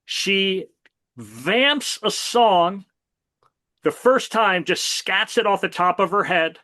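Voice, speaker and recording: A man co-hosting a music podcast, telling animated stories in a casual, enthusiastic way. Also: high voice, unhurried. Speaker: podcast co-host. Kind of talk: casual music chat and storytelling.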